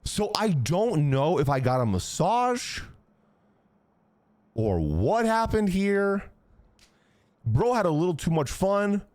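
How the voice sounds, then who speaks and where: Animated swearing man telling a story. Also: high voice, slow pace, pauses often, no echo. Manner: animated, crude, swears a lot. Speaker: streamer. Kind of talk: casual storytelling to chat.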